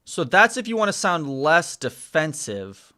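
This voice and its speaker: Slow, hesitant man practicing phrases. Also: on the high side, sing-song, sharp tone. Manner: hesitant, repeats phrases slowly while practicing. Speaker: language learner. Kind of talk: casual language lesson.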